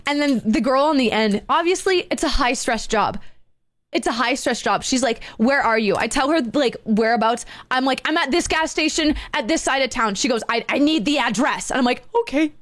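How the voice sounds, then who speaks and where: Woman storyteller, high voice, excitable, does all the voices, very dry mic. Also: brisk, dry recording. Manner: excitable, acts out every voice in the story, laughs often. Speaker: streamer. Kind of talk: animated storytelling.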